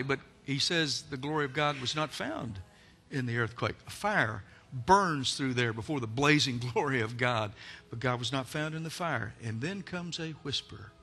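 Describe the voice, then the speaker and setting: A man preaching a sermon in a church, telling a story dramatically, acting out characters and swinging from loud to soft. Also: mid-range voice, breathy edge.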